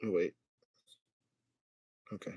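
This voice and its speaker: A man casually chatting and joking to himself as he builds toy figures on a livestream, sometimes dropping to a hushed whisper. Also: slow, dull audio. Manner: chatty, jokey, talks to himself while building. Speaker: toy collector host.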